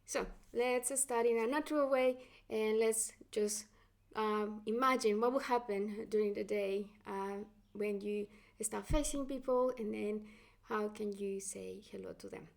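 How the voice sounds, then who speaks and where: A woman's voice: mid-range voice, a little slow, gravelly. A woman with a Latin American Spanish accent, a native Spanish speaker, teaching an online Spanish lesson patiently, with many fillers and restarts.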